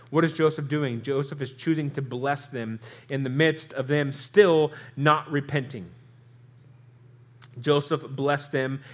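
A man's voice: on the high side, a bit bright. Conversational young male pastor preaching. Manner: conversational, with filler restarts and rhetorical questions. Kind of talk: expository Bible sermon.

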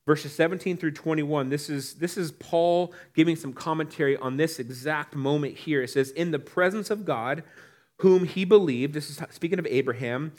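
A man's voice: on the high side, normal speed. A young man preaching a casual, conversational sermon, reading scripture and acting out the people in it. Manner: conversational, animated, acts out quotes. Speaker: pastor.

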